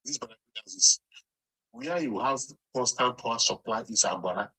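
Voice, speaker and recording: Husky man, halting and insistent. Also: mid-range voice, bright, forceful tone, rough recording. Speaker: interviewee.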